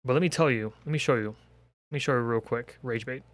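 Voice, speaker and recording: A man's voice: mid-range voice, fast, no echo. Profane ranting young man, dry sound. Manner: exasperated, profane, ranting with rhetorical questions. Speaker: commentary creator. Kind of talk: comedic rant.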